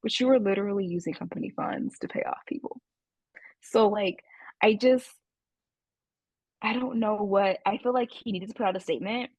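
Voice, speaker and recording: A woman's voice: medium pitch, moderate pace, pauses often, darkish tone, no room sound. A woman co-hosting a podcast, talking casually and questioning, with many fillers. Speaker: podcast co-host.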